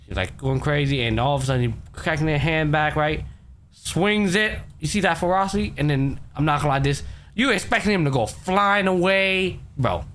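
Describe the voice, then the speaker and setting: A man's voice: a little high, moderate pace, a bit bright, slight background noise. A man hosting a podcast, casually retelling an anime episode in a loose, profane way full of fillers. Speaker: podcast host. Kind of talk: casual anime recap chat.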